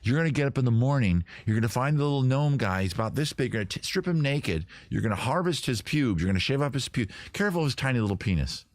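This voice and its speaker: Male host, livestream, rambling crude deadpan humor, bouncy animated pitch, dry close sound. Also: fast talker, hardly any pauses, no room sound. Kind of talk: improvised comic livestream answering viewers.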